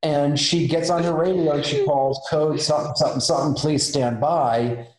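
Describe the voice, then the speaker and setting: A man's voice: a little high, normal speed, crowd noise. A man, a special effects makeup artist, telling a story casually and acting out the voices of the people in it. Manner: animated, acts out the voices in his story. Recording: roomy echo.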